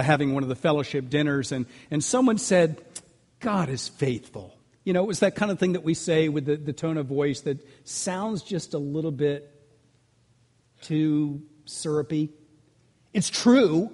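A man's voice: fairly high pitch, darkish tone. Older male pastor preaching in a reverberant hall. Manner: earnest preaching with emphatic builds and frequent restarts. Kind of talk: sermon. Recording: long reverb of a large hall.

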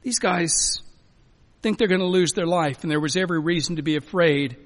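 A man preaching a sermon as a pastor, emphatic, swinging between loud urging and quiet, soft lines. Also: a little high, moderate pace. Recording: long hall reverb.

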